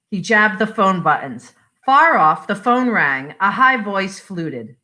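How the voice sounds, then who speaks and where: A woman reads a short story aloud in a slow, measured way. Her voice is bright, and her pitch rises and falls in a lively way as she moves between narration and dialogue. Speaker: library story reader. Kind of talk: reading short stories aloud.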